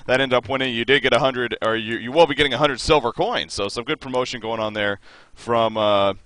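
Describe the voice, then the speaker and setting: A man's voice: medium pitch, a little fast, fairly bright tone, dry recording, low-quality recording. A man co-casting an esports match over a voice call, chatting enthusiastically and restarting his phrases as he goes. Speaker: esports co-caster. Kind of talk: esports color commentary.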